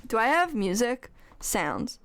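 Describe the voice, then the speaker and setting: Young woman streamer, fairly high voice, giggly, rambling, pokes fun at herself. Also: very animated, takes it slowly, vocal fry, a bit bright, a little hiss or hum. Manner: giggly, rambling and self-mocking. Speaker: livestreamer. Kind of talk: casual livestream chat.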